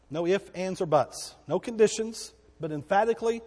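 A man preaching a sermon as pastor, swinging between loud, emphatic declarations and hushed, quiet passages. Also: high-pitched, expressive, moderate pace, few pauses, in a large hall.

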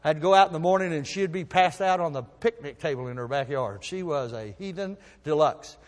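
A man preaching a sermon, telling folksy stories and swinging from soft asides to loud emphasis. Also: fairly high pitch, fairly quick, big-room sound. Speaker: pastor.

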